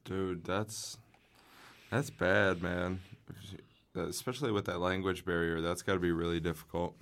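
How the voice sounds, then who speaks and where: A young man co-hosting a casual chat, talkative and quick to laugh. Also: deep voice, fairly even intonation, fairly bright tone, no room sound. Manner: laughs often, chatty. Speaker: podcast co-host.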